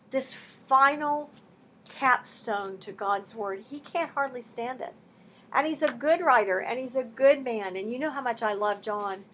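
Woman preaching a bible lesson, high husky voice, gets fired up and emphatic. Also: fairly bright tone. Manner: impassioned, emphatic, conversational teaching with rising bursts. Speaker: Bible teacher. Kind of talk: sermon.

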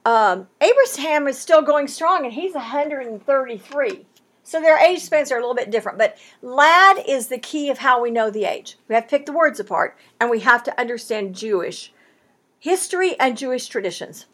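A woman teaching verse by verse through a Bible passage, emphatic and animated, acting out quoted lines. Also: fairly high pitch, slightly rough.

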